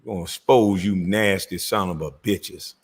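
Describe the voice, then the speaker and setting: This man's voice sits low, husky and unhurried. Hosting his own commentary channel, he reacts to clips in a profane rant, mocking, cursing and laughing loudly.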